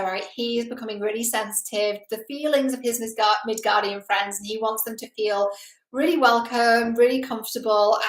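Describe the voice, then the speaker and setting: A woman's voice: a little high, echoey room, poor audio. A woman hosting a casual film analysis video, chatting with enthusiasm.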